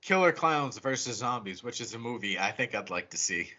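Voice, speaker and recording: A man co-hosting a podcast, recapping a horror movie scene by scene in a casual, profane, animated way. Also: mid-range voice, brisk. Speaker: podcast co-host. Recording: muffled lo-fi audio.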